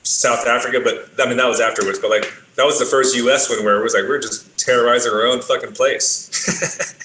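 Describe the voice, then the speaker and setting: A man's voice: medium pitch, steady tone, fairly quick, bright, forceful tone. A man, a podcast guest telling stories casually with lots of swearing and fillers. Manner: laid-back, swears a lot, many fillers. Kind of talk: casual storytelling. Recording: roomy with faint ambient noise.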